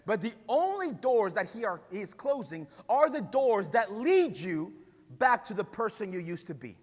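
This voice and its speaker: A pastor with a Spanish-influenced English accent preaching a passionate sermon, building to shouts with conversational asides. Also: male voice, high voice, sing-song, normal speed, big-room sound.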